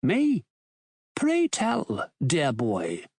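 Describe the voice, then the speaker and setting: A man's voice: fairly high pitch, sing-song, measured pace, creaky, no room sound, clean studio sound, heavily acted. A man voicing a cocky middle-aged thief who teases and mocks in a mock-posh manner.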